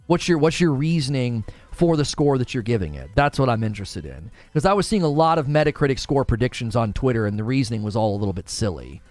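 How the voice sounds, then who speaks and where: A man's voice: a little high, expressive, a little mellow, dry recording, soft background music. Chatty man hosting a gaming stream. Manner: chatty, reads viewer comments aloud quickly. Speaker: gaming livestream host. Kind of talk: casual livestream chat with viewers.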